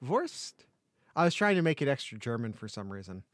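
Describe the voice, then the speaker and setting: A man's voice: medium pitch, very animated, fast talker, no echo, studio quality. A man co-hosting a casual sports podcast over a call, joking and rambling with many restarts. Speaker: podcast co-host. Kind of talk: casual chat.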